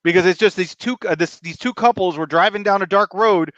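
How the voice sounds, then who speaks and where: A man's voice: sits high, fairly quick, a bit bright, no echo. A man co-hosting a podcast, retelling cryptid lore in a rambling, enthusiastic, casual way. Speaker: podcast co-host. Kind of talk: casual chat. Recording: dull lo-fi mic.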